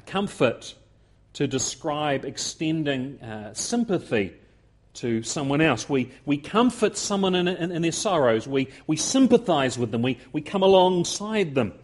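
A man delivers a sermon in a fairly high voice. He speaks earnestly, often repeating phrases and pushing harder as his points build. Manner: earnest, repeats words, rising emphasis. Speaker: preacher.

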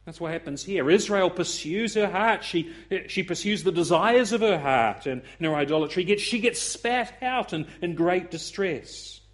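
A man preaching a sermon, acting out the voices he quotes with lively swings. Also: moderate pace, few pauses. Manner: expressive, acts out quoted voices with rising pitch.

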